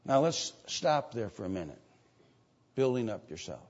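An older man preaching a sermon and reading scripture aloud. He moves between loud, emphatic preaching and quiet asides. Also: medium pitch, big pitch swings, moderate pace. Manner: reads scripture aloud in old-fashioned wording. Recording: dull lo-fi sermon recording.

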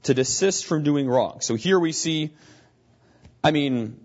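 Male Bible teacher, husky voice, talks through his points with frequent restarts, muffled lo-fi recording. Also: on the high side, lively intonation, measured pace, darkish tone. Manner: explanatory, thinking aloud with frequent restarts.

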